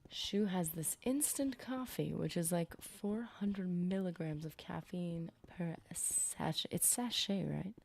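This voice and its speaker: A woman with a fairly low, creaky, slightly mellow voice takes her time as she streams a game, pausing little. Over slight background noise, she chats casually to her viewers and rambles from topic to topic while playing.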